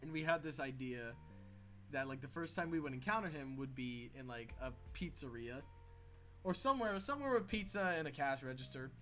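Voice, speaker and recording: Excitable, bright-voiced man hosting a stream. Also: mid-range voice, fairly quick, faint music behind. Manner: excitable, swears a lot, laughs often. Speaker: stream host. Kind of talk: casual live stream chat.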